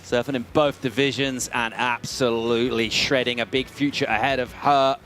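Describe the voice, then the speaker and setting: A man's voice: mid-range voice, steady tone, moderate pace, fairly bright tone, slight background noise. Upbeat man calling live surf action. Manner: upbeat, chatty, joking. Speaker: play-by-play surf commentator. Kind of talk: live sports commentary.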